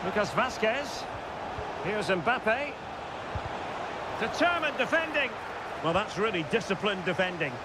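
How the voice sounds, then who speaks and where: A man with a high voice calls a football video game match in clipped play-by-play lines. His calls climb sharply whenever a chance or goal comes. Loud stadium noise rumbles under every line. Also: animated, a little slow. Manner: crisp play-by-play calling player names, rising sharply on chances and goals. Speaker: football commentator.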